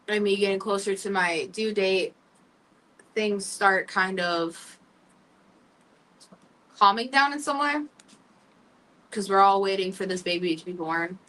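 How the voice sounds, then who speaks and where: A young woman hosting a talk show, telling her own story candidly and emotionally, halting often with fillers. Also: mid-range voice, fairly bright tone, distant mic, poor audio. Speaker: podcast host. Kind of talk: personal storytelling.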